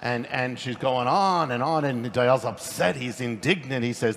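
Fast-talking middle-aged pastor in a hall. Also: male voice, mid-range voice, fairly bright tone. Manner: quick, conversational, with many restarts. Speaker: pastor and speaker. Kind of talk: conference sermon. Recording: long hall reverb, faint noise.

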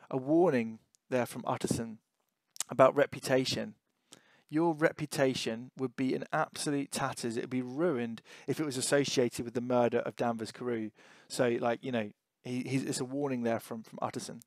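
Man, teacher, reading and annotating a novel, mid-pitched voice, dry close sound. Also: steady tone, normal speed, dry recording. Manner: explanatory, thinking aloud with fillers and restarts. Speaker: English teacher.

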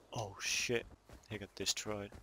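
Gravelly man swearing through gameplay. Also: lowish voice. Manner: frantic, swearing, sarcastic. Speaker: gaming video creator. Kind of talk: live gameplay commentary. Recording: noisy game audio behind.

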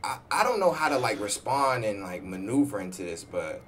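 A man's voice: lowish voice, big pitch swings, a little fast, a bit bright. A man streaming a game, chatting in slang and egging other players on over voice chat. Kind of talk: gaming voice chat. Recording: noisy game audio.

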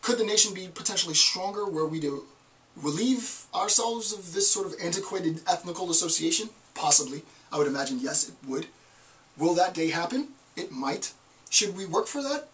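A man delivers an online lecture with a somewhat high voice. He poses rhetorical questions and answers them with emphasis. He sits a little away from the microphone. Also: lively intonation, normal speed, a bit bright, recorded from a distance, low-quality recording. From United States.

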